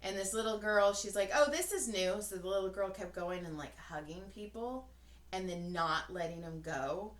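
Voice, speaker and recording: A woman's voice: fairly low pitch, moderate pace. A woman in her forties co-hosting a podcast, telling a long story in casual chat, swearing freely and acting out what people said. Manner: rambling, swears freely, acts out quotes. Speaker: podcast co-host. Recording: roomy echo.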